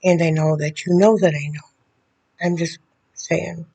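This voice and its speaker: A woman speaking straight to the camera in a video letter, bitter and confrontational, often halting and restarting her sentences. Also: on the low side, steady tone, creaky, mellow, breathy edge. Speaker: vlogger addressing a public figure.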